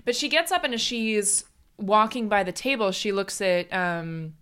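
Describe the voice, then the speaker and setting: A woman's voice: mid-range voice, moderate pace, fairly bright tone, clear, resonant tone. A woman co-hosting a podcast, recapping a film in a chatty, wry way with lots of "like"s. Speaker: podcast co-host. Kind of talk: casual chat recapping a film.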